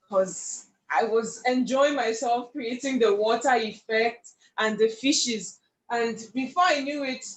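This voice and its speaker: A woman, a painter guest telling her story in an animated, expressive way. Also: fairly high pitch, a little hiss or hum. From Nigeria. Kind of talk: casual storytelling interview. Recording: echoey room with faint ambience.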